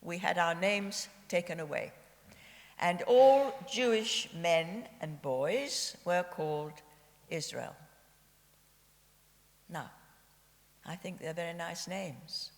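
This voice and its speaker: A woman in her nineties from Austria, a Holocaust survivor giving her personal testimony at a civic memorial event, telling her story in a slow, measured way with gentle irony. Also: on the low side. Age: 90s. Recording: long hall reverb.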